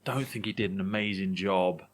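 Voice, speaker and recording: A man's voice: deep voice, a little fast. A male podcast host in a casual interview chat, talking bluntly and chattily with some swearing.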